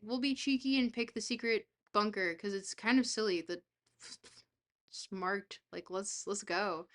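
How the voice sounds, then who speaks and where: A young woman streaming a geography guessing game, reacting excitably, swearing freely and talking to her chat. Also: fairly high pitch. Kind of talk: casual live-stream chat while playing a geography game.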